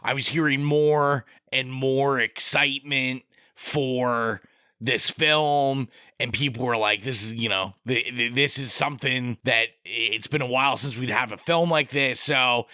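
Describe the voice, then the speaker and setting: A man hosting a horror podcast, talking in a bright, clear voice. He chats casually and jokes at his own expense. The sound is dry and close to the mic. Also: medium pitch, unhurried, dry recording. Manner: chatty, self-deprecating, jokey. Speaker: podcast host.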